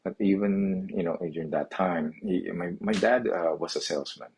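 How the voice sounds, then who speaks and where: Very deep husky man, halting. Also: a little mellow. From Philippines. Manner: halting, many restarts and "you know" fillers. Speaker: physical therapy clinic owner. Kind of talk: personal story monologue.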